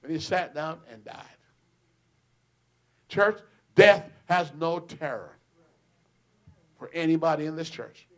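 A high-pitched man preaches to his congregation in a church. He moves between soft, low storytelling and loud, ringing exclamations. Amens and hallelujahs punctuate his delivery. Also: lively intonation, slow, long pauses. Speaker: pastor. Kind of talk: sermon.

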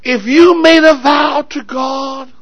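A preacher acting out a young girl who begs her father through tears and shouts. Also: very high voice, steady tone, slow pace, voice pushed up, full character voice. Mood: pleading. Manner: crying, shouting, begging.

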